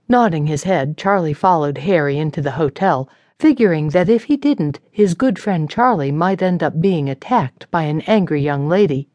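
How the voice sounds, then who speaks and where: Woman narrator, low-pitched, unhurried and expressive, dry close recording. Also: dry recording. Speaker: audiobook narrator. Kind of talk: scripted narration.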